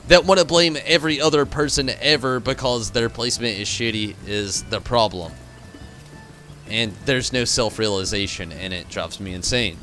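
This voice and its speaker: Man, low-pitched, sharp bright voice, tired, frustrated, swearing, faint music behind. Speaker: streamer. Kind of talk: casual stream sign-off to chat.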